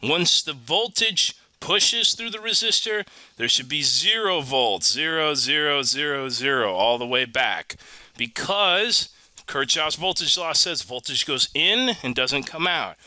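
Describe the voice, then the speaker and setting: A man's voice: a little high, big pitch swings, slow pace, bright, forceful tone, no echo, rough recording. A man teaching an automotive electrical lesson in a casual, joking way, full of asides. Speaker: automotive instructor. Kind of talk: recorded online lesson.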